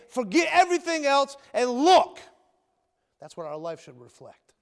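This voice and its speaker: A man preaching a sermon and giving his testimony as a former convict, swinging from emphatic shouts to low near-whispers in a folksy manner. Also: sing-song, a little slow. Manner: folksy, calls listeners brother and my friend. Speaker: preacher, ex-convict prison minister. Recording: long hall reverb.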